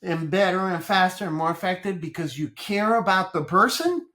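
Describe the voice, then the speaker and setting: On a podcast interview, a male business coach from Colombia talks at normal speed with a high-pitched voice. His storytelling is energetic and animated, full of repeated phrases.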